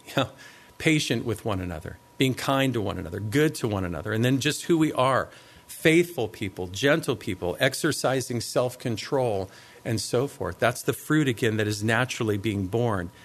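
A man delivers a conversational, teaching-style sermon at a middle pitch. He explains scripture plainly and keeps checking in with rhetorical tag questions like a pastor walking through a passage. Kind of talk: expository sermon.

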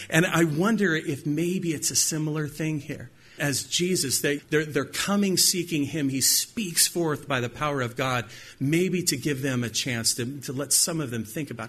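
A man's voice: medium pitch, moderate pace, a bit bright, slight background noise. A man preaching a sermon, earnestly retelling scripture scenes with vivid dialogue. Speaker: pastor.

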